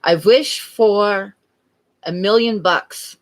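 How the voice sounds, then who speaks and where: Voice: mid-range voice, extremely slow. A painting streamer voicing a gullible male fisherman in a told joke, eager and incredulous.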